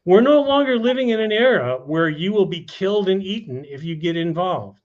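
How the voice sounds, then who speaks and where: A man with a slightly raised pitch tells a personal story as a guest, loose and conversational, dropping "you know" between thoughts. The sound is muffled and lo-fi. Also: lively intonation, fairly quick. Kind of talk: casual storytelling. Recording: dull lo-fi sound.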